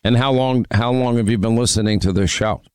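A man's voice: medium pitch, brisk, a little mellow, smooth, dry recording. A man hosting a call-in radio show, needling and mocking a caller in a brash, combative way. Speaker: radio talk show host. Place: radio studio.

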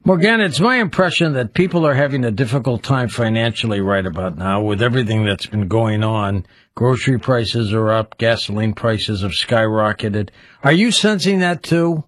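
A man's voice: mid-range voice, expressive, normal speed. A man hosting a late-night radio talk show, interviewing a guest in a friendly, complimentary way.

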